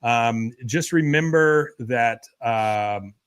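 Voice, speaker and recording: A man's voice: mid-range voice, extremely slow, fairly bright tone, clean tone, no echo. Casual man recapping on a dry close mic. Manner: rambling, filler-heavy storytelling. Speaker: podcast host. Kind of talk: casual episode recap on a livestream.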